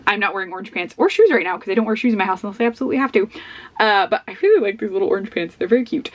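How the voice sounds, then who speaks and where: A young woman talking casually at home in a book vlog, chatty and bubbly. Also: on the low side. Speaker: book vlogger. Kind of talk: casual chat.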